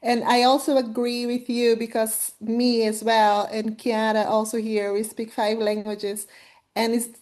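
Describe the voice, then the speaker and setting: A woman from Brazil co-hosts a relaxed chat in a slightly high voice. She chimes in lively and agreeable, talking in a friendly, conversational way. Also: a little slow. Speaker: co-host. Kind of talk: casual interview chat.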